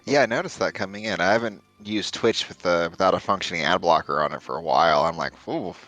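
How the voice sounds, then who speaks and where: Male podcast guest, nervous and jokey, bright edgy tone, low voice, dry close mic. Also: no room sound, poor audio. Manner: nervous, talks fast, jokey and laughing. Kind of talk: casual chat.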